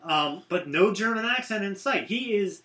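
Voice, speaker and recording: A man with a bright, forceful voice co-hosts a casual movie review. He trades sarcastic jabs as he talks. His voice sits a little high and echoes around the room. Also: lively intonation, normal speed. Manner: sarcastic, mocking. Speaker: co-host of a movie review show. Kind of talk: casual chat.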